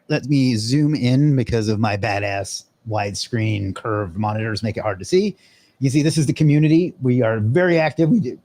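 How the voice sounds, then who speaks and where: A man's voice: medium pitch, a little mellow. A man hosting a live webinar in a loose, casual way, swearing now and then and using lots of fillers. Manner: loose and profane, with many fillers. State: out of breath.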